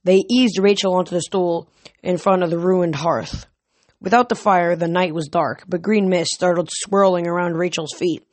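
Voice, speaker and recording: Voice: mid-range voice, moderate pace, no echo. A reader narrates a novel aloud in a plain, unpolished way, now and then stumbling and correcting a word. The recording is dry and close. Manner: plain reading with small slips and self-corrections. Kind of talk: audiobook narration.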